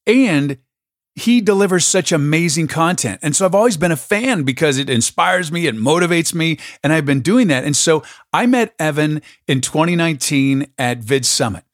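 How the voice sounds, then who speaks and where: A man's voice: a little high, lively intonation, normal speed, no echo, clean studio sound. A man hosting a podcast, telling a story in a casual, enthusiastic way. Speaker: podcast host. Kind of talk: casual conversation.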